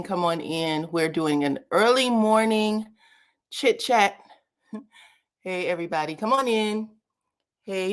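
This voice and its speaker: A woman with a slightly low voice hosts a relaxed livestream chat. She greets viewers by name and says y'all in an easy, talkative way. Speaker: YouTube commentary host.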